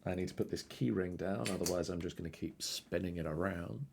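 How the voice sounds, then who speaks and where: Male quiz host, low and gravelly, relaxed, repeats each question. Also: brisk, background noise. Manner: easygoing, laughs along, reads questions twice. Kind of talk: live online quiz hosting.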